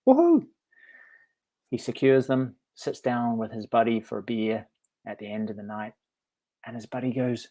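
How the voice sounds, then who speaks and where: A man with a middle-pitched voice, talking casually to camera as a meditation teacher. He tells a parable in a friendly, reflective way, chuckling often and restarting his phrases. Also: lively intonation, normal speed, pauses often, dark tone. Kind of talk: casual storytelling vlog.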